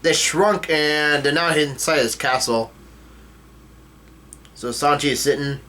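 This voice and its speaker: A man casually reading a manga chapter aloud, talking quickly with fillers and restarts and cursing in disbelief at twists. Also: fairly high pitch, bright, forceful tone. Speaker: manga reader and reactor. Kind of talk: casual read-through with reactions.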